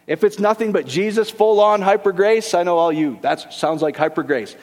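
Man, middle-aged, high voice, pastor, sermon, joking, rhetorical questions, long hall reverb. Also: normal speed. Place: church hall with a congregation.

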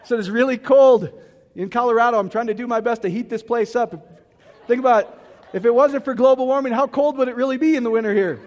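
A middle-aged male pastor with a very high-pitched, darkish voice speaks fast in a church hall, giving a rambling, joking sermon full of self-mockery. He often asks the crowd whether it makes sense, and the recording carries hall reverb.

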